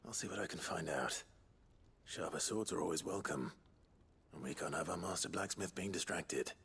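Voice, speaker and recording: A calm low-voiced warrior. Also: male voice, vocal fry, breathy edge, heavily acted. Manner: calm, soft-spoken, measured.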